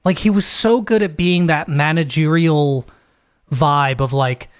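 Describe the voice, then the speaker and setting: A young man co-hosts a casual movie review podcast in a fairly high voice. He talks animatedly, swears freely and jumps into acted-out lines from the film. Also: a little slow. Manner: animated, swears, acts out quotes. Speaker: podcast co-host.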